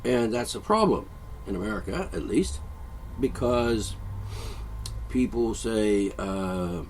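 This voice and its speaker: A man hosting a solo monologue show, rambling and profane, often stopping to clear his throat. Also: on the low side, animated, takes it slowly, long pauses, darkish tone, slight background noise, poor audio. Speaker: podcast host.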